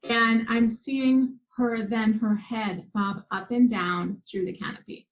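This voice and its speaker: A woman's voice: a little high, slow pace, rough recording. A woman guest telling a personal story in an interview, earnest and vivid, with frequent restarts. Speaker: guest, spiritual teacher.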